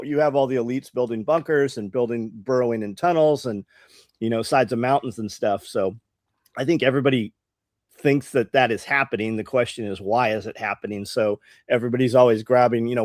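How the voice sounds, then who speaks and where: A man's voice: medium pitch, brisk, no room sound, studio quality. A man co-hosting a casual live talk show, speaking with hesitant starts. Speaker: co-host.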